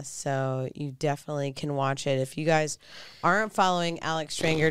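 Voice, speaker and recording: Woman, low voice, smooth and clear, dry close sound, casual commentary chat, animated. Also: dry recording. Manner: animated, incredulous remarks. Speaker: co-host of a live news commentary show.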